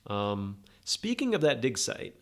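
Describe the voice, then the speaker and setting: A man's voice: mid-range voice, huge pitch swings, a little slow, fairly bright tone. A man hosting a podcast, giving a rambling, sarcastic, opinionated movie review in a casual monologue. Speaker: podcast host.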